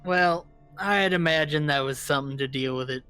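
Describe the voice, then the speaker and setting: A man playing his character in a tabletop game with a put-on American Southern accent, speaking in halting, hesitant phrases. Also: fairly high pitch, sharp tone, soft background music. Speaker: player.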